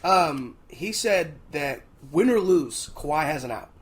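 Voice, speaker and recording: Young guy cohosting sports talk, kinda high voice, blunt hot takes. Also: animated, unhurried, slightly rough. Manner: opinionated, blunt, emphatic. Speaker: podcast co-host. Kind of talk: casual sports chat.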